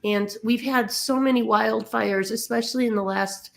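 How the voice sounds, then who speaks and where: Tired la woman explaining stuff, gravelly fry, keeps stumbling and saying um. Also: on the high side, steady tone. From Los Angeles area. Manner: halting, stumbling over words, many fillers. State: emotionally tired. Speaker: dog rescue volunteer. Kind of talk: casual explainer while sharing a map on screen.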